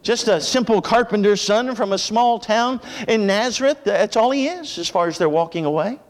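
A man preaching a sermon with impassioned delivery, praying softly and rising with fervor as he expounds Scripture. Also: normal speed, in a large hall. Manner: impassioned preaching, drops low for prayer. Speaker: pastor.

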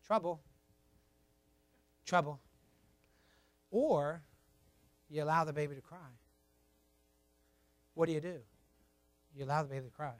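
A man preaching a sermon, emphatic and repetitive, telling his listeners to write points down, swinging between quiet asides and loud stressed words. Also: on the high side, unhurried, long pauses, no echo. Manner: emphatic, repeats key points, tells listeners to write things down. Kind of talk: sermon on child training.

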